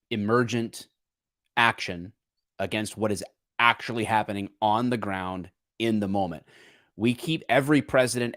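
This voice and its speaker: A man's voice: fairly low pitch, fairly bright tone, no room sound, studio quality. A man co-hosting a podcast, talking through an issue in a casual, earnest way and often restarting his sentences as he searches for words. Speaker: podcast co-host. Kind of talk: casual political discussion.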